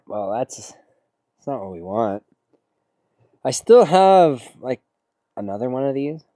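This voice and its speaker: A man's voice: medium pitch, very animated, takes it slowly, dark tone, no room sound. Male music streamer, casual and sarcastic, mid-range voice, dry recording. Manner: sarcastic, laid-back, slangy. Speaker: music streamer taking song requests. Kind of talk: casual livestream chat.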